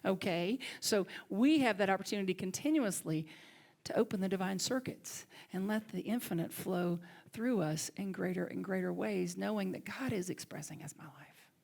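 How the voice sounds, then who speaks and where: A woman minister with a Southern accent, preaching a sermon and telling a personal story with lively swings from loud to hushed. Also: mid-range voice, normal speed, gravelly. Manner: animated, swings from loud to hushed near-whisper. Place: church sanctuary.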